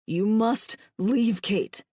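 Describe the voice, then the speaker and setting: A woman's voice: mid-range voice, drawn-out words, dark tone, breathy edge, no echo, studio quality. A woman voicing an injured horned male alien who speaks in clipped, formal sentences between gasps. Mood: pained.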